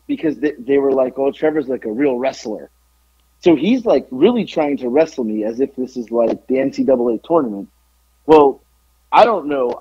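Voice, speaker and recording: A man telling wrestling stories in a casual podcast chat, profane, jumping into loud voices when quoting people. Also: mid-range voice, breathy edge, no echo, dull audio. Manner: animated, profane, acts out quotes in raised voice. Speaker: podcast guest, former pro wrestler. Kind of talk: casual storytelling.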